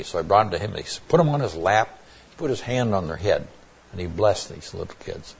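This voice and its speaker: A man's voice: low voice, expressive, brisk, vocal fry, a little hiss or hum. A man preaching a Bible sermon, earnest and plainspoken, often restarting his words with fillers.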